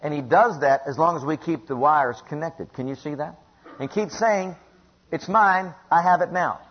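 A man's voice: on the high side, moderate pace, slightly rough. A man preaching a sermon in an emphatic, repetitive way, often asking the congregation questions, on a dull lo-fi recording.

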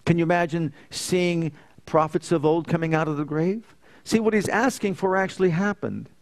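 A man preaching a sermon, asking rhetorical questions and swinging between loud emphasis and soft, low passages. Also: normal speed.

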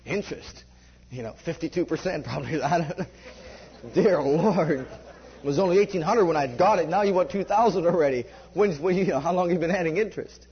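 A man preaching in a conversational storytelling way, animated and laughing often as he gives a testimony. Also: on the high side, quick pace. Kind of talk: sermon storytelling. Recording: dull lo-fi recording.

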